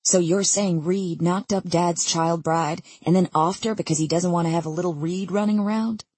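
A woman's voice: on the low side, steady tone, moderate pace, darkish tone, breathy edge, dry recording. A woman reading the lines of a sixteen-year-old boy in an audiobook, speaking in a flippant, mocking way.

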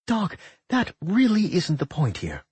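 A man's voice: high-pitched, huge pitch swings, a little slow, a little mellow, husky, no room sound, pitched above the performer's own voice, heavily acted. A man voicing a worried female pixie. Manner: anxious, scolding, thinking aloud.

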